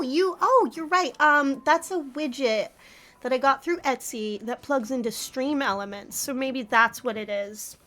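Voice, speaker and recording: A woman's voice: high-pitched, fairly bright tone. A woman streamer chatting casually with her live audience, flustered and giggling often. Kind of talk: casual livestream chat.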